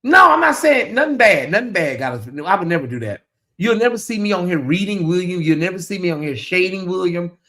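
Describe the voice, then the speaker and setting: A man's voice: sits high, animated, a little fast, fairly bright tone. A man giving casual livestream commentary, dramatic and teasing, talking straight to his chat.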